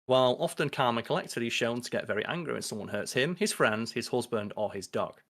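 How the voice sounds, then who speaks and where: A man, co-hosting a casual podcast chat, animated and sweary, acting out lines he quotes. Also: mid-range voice, a little fast. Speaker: podcast co-host.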